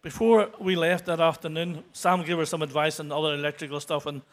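A man giving an unscripted church testimony, halting and earnest. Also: on the high side, fairly even intonation. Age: 60s. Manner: halting, many restarts and fillers; earnest, grows emotional toward the end.

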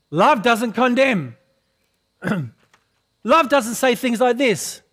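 Slow, high-voiced male preacher. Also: fairly bright tone. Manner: calls for responses from the congregation, often asks questions; clears throat often. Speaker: pastor. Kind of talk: sermon.

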